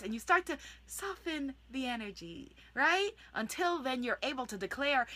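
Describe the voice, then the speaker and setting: A woman's voice: high-pitched, moderate pace, few pauses. A woman life coach giving an enthusiastic motivational talk to camera, acting out her affirmations as she goes. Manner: enthusiastic, animated, shifts into soft demonstrative affirmations. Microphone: video recording for online channel.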